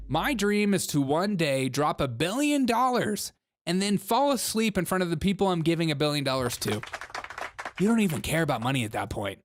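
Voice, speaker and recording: A young man hosts a comedic political livestream, cracking jokes, laughing a lot, and reading chat comments out loud. His voice is a little high, with music behind it and no room sound.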